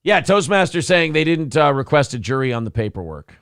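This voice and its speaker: A man's voice: a little high, very animated, brisk, creaky, a bit bright, clear, resonant tone, no echo, studio quality. A man co-hosting a casual morning talk show, blunt and sarcastic, with plenty of swearing. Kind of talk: casual political talk show, reading chat comments.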